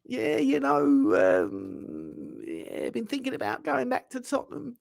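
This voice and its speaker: A soft-spoken older football pundit, as a man imitates him, halting through ums and unfinished thoughts. The voice sits up high and lilts, quieter than the man's usual shouting. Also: huge pitch swings, creaky, heavily acted. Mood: musing. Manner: halting, full of ums and trailing words.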